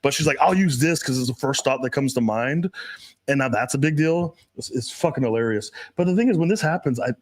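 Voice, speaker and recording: A man hosting a podcast in casual chat, telling stories in a crude, profane, animated way. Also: medium pitch, a little fast. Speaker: podcast host.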